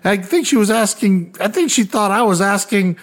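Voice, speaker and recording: Fairly high-voiced man telling wild stories. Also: moderate pace. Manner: animated, profane, mimics other people's voices. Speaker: podcast co-host. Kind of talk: casual storytelling.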